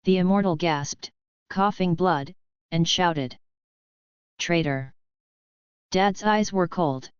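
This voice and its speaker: A woman narrating a first-person fanfiction audiobook in a steady, measured reading. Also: fairly low pitch, smooth, no echo, lo-fi sound.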